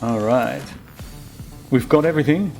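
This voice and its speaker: A man's voice: medium pitch, normal speed, creaky, a little mellow, faint music behind. A man giving casual, rambling commentary while playing a game, chatting freely and laughing easily. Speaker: game streamer.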